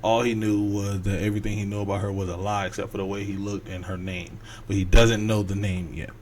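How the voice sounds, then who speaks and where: A man's voice: fairly low pitch, flat delivery, a little mellow, slight background noise. A man hosting a podcast, telling a long story in a loose, rambling way and acting out the characters' lines. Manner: rambling, acts out characters' lines in quick voices. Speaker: podcast host. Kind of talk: casual storytelling.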